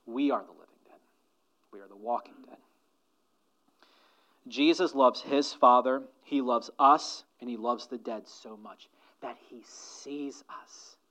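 A man preaching a sermon as pastor, swinging from loud emphatic lines to hushed near-whispers and slowing down to stress key phrases. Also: medium pitch. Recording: dull, muffled sermon recording.

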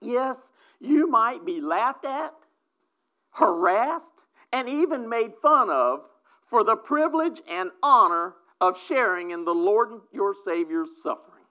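A preacher delivering a sermon, swinging between loud exclamations and quiet asides. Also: mid-range voice, animated, takes it slowly. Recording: dull lo-fi recording.

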